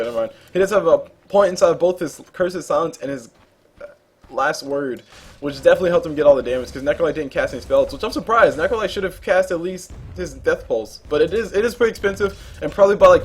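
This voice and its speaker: A man's voice: fairly high pitch, a little hiss or hum. A young man casually commentating a game replay, rambling into jokey asides along the way.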